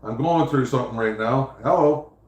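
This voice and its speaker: A man's voice: mid-range voice, moderate pace, slight background noise. Male livestream host, mid-range voice, profane, rambling storyteller, echoey room. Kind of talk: casual chat.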